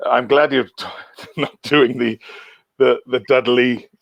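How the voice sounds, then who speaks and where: Gravelly-voiced man chatting loosely. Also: medium pitch, fairly even intonation, slow, dry recording, highs cut off. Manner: rambling, trailing off, chuckling. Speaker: guest singer. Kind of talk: casual chat.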